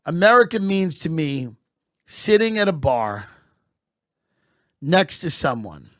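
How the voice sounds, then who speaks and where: A man delivering a satirical comedic monologue in a mock-patriotic, deadpan manner that swells into shouted bursts. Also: a little high, slow pace, no room sound, studio quality.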